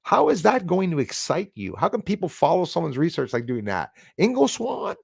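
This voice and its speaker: A man's voice: fairly high pitch, huge pitch swings, brisk, vocal fry, breathy edge, no echo, studio quality. A man hosting a live stream in a casual way. He rambles emphatically, with many fillers, and reads out chat comments.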